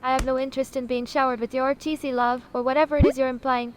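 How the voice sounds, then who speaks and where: Playing a self-important chatbot who insists it's a sausage, this text-to-speech woman's voice is high-pitched, fast and clear, with a resonant tone, flat delivery and light acting. The character is haughty, dramatic and condescending, and she says honey a lot.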